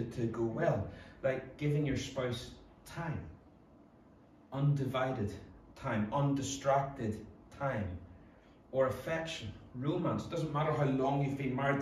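A man with a Northern Irish accent, a pastor preaching a sermon in earnest, with quick acted-out asides. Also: medium pitch, darkish tone, a little hiss or hum. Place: church hall. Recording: echoey church hall from a distance.

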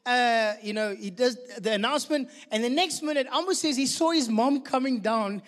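A man preaching a sermon, telling a story with animated delivery. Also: extremely high pitch, moderate pace, in a large hall. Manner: storytelling, lively and animated with laughter. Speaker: pastor.

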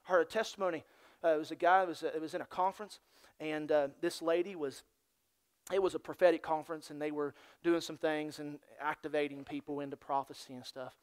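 A man preaching a sermon as pastor in a church, dropping to hushed near-whispers and then building to loud, excited storytelling. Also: a little high, fairly quick, clean tone.

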